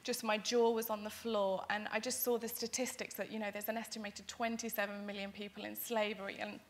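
A woman's voice: mid-range voice, flat delivery, a little fast. A young woman, an interview guest, telling her story in an earnest, eager way, with many fillers and restarts. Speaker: interview guest, charity founder.

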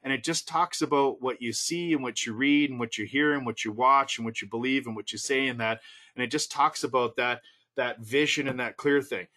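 A man's voice: mid-range voice, fairly quick, sharp tone. Middle-aged man coaching with punchy questions. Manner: repetitive, punchy rhetorical questions. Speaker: real estate coach. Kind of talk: motivational webinar talk.

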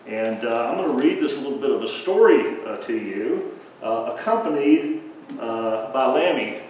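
A male pastor giving a children's message in a church service, chuckling often and halting on fillers as he goes. His voice echoes heavily around the sanctuary and is picked up from well away, with a faint hiss underneath. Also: medium pitch, lively intonation, a little mellow. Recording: echoey church from a distant mic.

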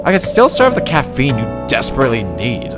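A man's voice: mid-range voice, huge pitch swings, a little fast, loud music behind the voice, voice pushed down. A man voicing a sassy young female barista with a snippy manner.

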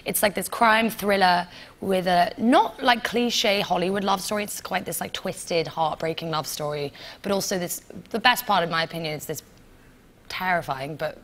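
A woman, a talk show guest telling animated stories in a television studio and laughing often. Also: on the low side, normal speed. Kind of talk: casual chat.

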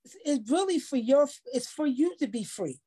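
A woman in a faith discussion who talks in a preachy, animated way and acts out quotes. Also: high-pitched, normal speed. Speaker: panelist.

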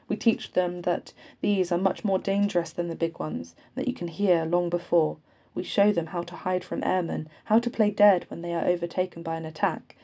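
Low, mellow woman reading a novel aloud. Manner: steady reading with occasional slips and restarts. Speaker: audiobook reader.

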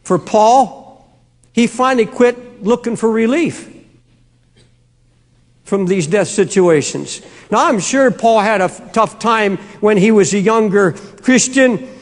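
A man preaching an impassioned sermon who breaks into screaming at times. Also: very high voice. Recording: long hall reverb.

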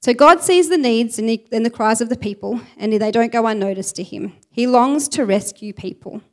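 A woman's voice: on the high side, moderate pace. Aussie woman preaching, reads bible bits out with lots of emphasis. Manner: expressive, reads scripture aloud with emphasis. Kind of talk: sermon.

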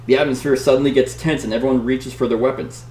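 Talking fast at a medium pitch, a man dramatically reads the story text during a casual board game session. He banters lively with his partner, and the recording has echo and a faint hum.

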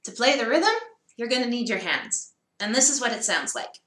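A woman's voice: fairly high pitch, sing-song, normal speed, roomy sound. A woman teaching a music lesson for children, encouraging and chanting the song rhythmically.

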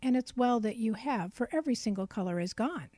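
A woman's voice: on the high side, expressive, fairly quick, warm tone, no echo. A woman voicing a grand ruling bird. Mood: kindly. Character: great male ruler bird, stern and grand.

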